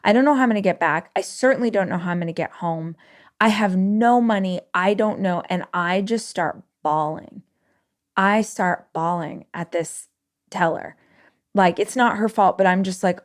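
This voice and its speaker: A woman's voice: medium pitch, normal speed. A woman podcast host telling a personal story with feeling, acting out the dialogue. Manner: emotional, animated retelling with quoted dialogue.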